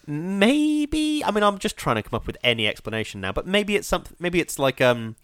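A man co-hosting a podcast, talking in animated, chatty, self-mocking banter. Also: high-pitched, moderate pace, smooth, no room sound. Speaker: podcast co-host. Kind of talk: casual chat.

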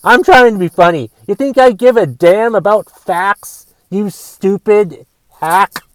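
A man voicing an angry adult man who rants, shouting and swearing, about being fact-checked on social media. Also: a little high, fairly even intonation, a little slow, no room sound, pitched below the performer's own voice, close to an everyday voice, low-quality recording. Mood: enraged. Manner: profane, shouting rant. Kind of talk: comic rant in character.

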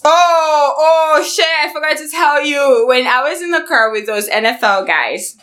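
A woman in her twenties from Africa, telling stories in an animated, blunt, profane way, often laughing. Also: sits high, measured pace, dry recording. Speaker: podcast host. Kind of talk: casual storytelling chat.

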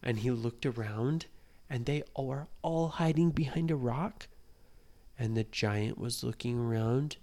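Male storyteller, unhurried, mid-pitched, bedtime tone. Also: darkish tone. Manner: slow, suspenseful, dropping to whispers.

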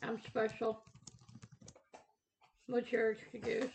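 A woman's voice: on the high side, monotone, slow, gravelly, slight background noise. Teasing woman with dry quips. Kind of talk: casual chat.

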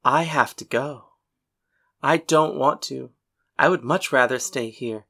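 A woman voicing a tough, loyal young woman known as the whiskey girl, speaking low and earnest with dry humor. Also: slow, fairly bright tone, heavily acted. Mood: reluctant.

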